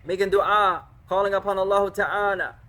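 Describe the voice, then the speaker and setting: A man teaching an online class, patient and slow, pausing often and correcting students. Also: high voice, steady tone, sharp tone. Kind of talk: online Arabic and hadith class. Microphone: computer microphone.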